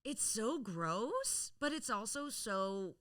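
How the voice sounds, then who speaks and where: A woman guest on a podcast, chatting casually with quick, playful reactions. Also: a little high, sing-song, a bit bright. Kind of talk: casual chat.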